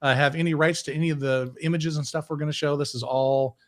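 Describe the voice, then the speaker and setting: Rambling podcast host, fairly high voice. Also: male voice, steady tone, fast. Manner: rambling, self-correcting. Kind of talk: casual podcast chat.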